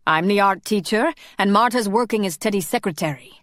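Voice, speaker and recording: A woman voicing a sharp-tongued, protective young woman who snaps back hard. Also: mid-range voice, a little fast, dry recording, studio quality, pitched above the performer's own voice, lightly acted. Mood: snapping. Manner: sharp, snapping. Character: protective, fiery young woman, art teacher.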